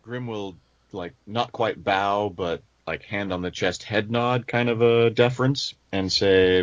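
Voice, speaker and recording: A man chatting casually as a player at a tabletop game, in a relaxed, offhand way. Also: on the low side, measured pace, no echo, lo-fi sound.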